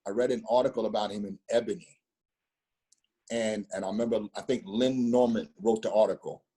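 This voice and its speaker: A man in his fifties spins a rambling personal story, circling back and repeating himself. His voice sits low and sounds husky. It has a dark, mellow tone. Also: steady tone, fairly quick. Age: 50s. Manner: rambling, repeats words, street slang. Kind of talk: casual storytelling conversation.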